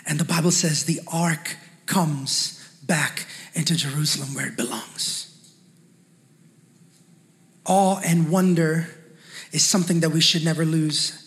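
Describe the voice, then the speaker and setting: A man's voice: fairly high pitch, steady tone, measured pace, long pauses, a bit bright. A male pastor preaching a fervent sermon with call-and-response, in a large church hall. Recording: long hall reverb.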